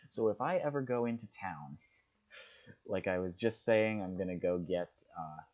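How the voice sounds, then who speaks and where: A young man giving relaxed, casual commentary while he plays a game, musing aloud and reading on-screen text. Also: low voice, moderate pace, lo-fi sound. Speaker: gaming streamer.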